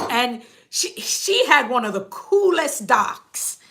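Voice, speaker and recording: Jamaican nurse host, middle-aged woman, bright tense tone, slightly high, chatty storyteller who laughs a lot. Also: very animated, takes it slowly, hardly any pauses, slight background noise. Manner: chatty, laughs often, quotes people. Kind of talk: casual storytelling monologue.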